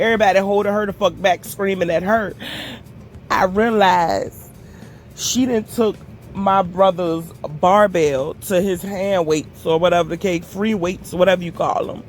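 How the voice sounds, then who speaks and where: Profane, animated woman telling a storytime. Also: medium pitch, a little slow, a little hiss or hum. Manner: profane, animated, addresses viewers as y'all. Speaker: storytime vlogger. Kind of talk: casual storytime. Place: outdoors while walking.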